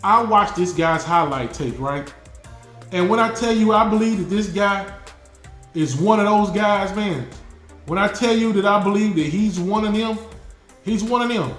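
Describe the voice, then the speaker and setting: A man's voice: high voice, normal speed, reverberant, faint music behind. A man hosting a casual football fan reaction video, talking emphatically and repeating his points for effect. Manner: animated, repetitive, emphatic preaching delivery. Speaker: sports channel host.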